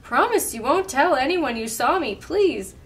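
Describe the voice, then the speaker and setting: Cheery old Santa read by a woman, lifted a little high, exclaiming. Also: expressive, a little slow. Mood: jolly. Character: jolly old Santa Claus, polite and sheepish. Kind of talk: storybook read-aloud.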